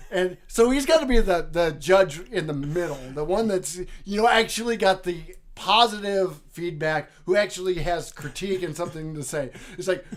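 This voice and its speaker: A man co-hosting a casual comedy chat, rambling with lots of fillers and restarts. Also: high voice. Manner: rambling, many fillers and restarts, puts on quick voices. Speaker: podcast co-host.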